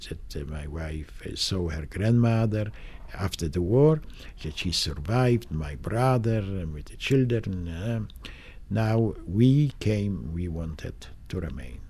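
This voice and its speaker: An older man speaking with a very low, mellow voice, telling his memories in halting, emotional phrases full of restarts. A faint noise hums under the interview. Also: expressive. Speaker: Holocaust survivor interviewee. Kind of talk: documentary interview, recounting memories.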